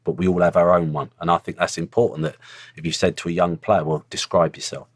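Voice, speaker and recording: A man's voice: low voice, level tone, fast talker, no room sound, studio quality. A middle-aged man, a former footballer telling stories in a blunt, earthy way as a podcast guest. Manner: blunt, earthy storytelling with swearing. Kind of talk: casual interview chat.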